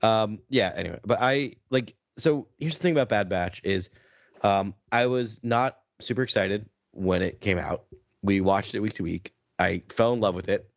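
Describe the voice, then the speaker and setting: A man co-hosting a podcast, chatting excitedly and rambling with lots of fillers. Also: lowish voice, normal speed, creaky, dry recording, lo-fi sound. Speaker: podcast co-host. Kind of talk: casual fan chat.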